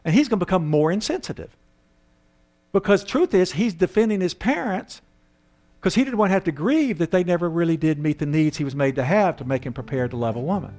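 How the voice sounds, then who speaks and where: A man preaching a sermon in an animated way, acting out voices and asking his listeners questions. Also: fairly high pitch, brisk. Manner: animated, acts out voices and asks the audience questions.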